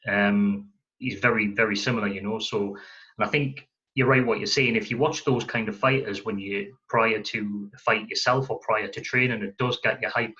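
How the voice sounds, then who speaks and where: A man's voice: fairly low pitch, steady tone, moderate pace, bright, forceful tone. A man hosting an interview, talking casually and hesitantly with plenty of ums. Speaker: interviewer, podcast host. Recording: dull lo-fi sound.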